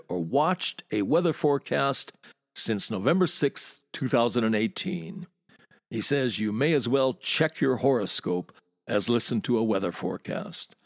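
With clear relish for language, this US podcast host and walking tour guide delivers a wry monologue as a lively storyteller. The man's pitch is medium, and the studio-quality recording carries no echo.

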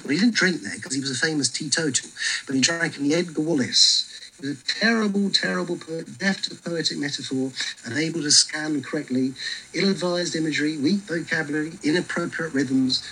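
Lively, husky man guiding a walking tour. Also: on the high side, poor audio. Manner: lively storytelling with frequent fillers. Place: outdoors on a city street.

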